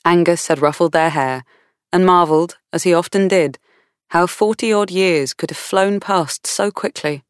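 A woman reading a novel aloud in measured, warm storytelling. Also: on the low side, clean tone, no echo, clean studio sound. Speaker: audiobook narrator. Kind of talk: scripted narration.

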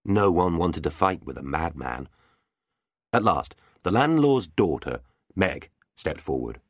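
A man giving an expressive, playful reading of a children's storybook. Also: low-pitched, a little slow, no echo, studio quality. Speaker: audiobook narrator. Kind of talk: scripted storybook narration.

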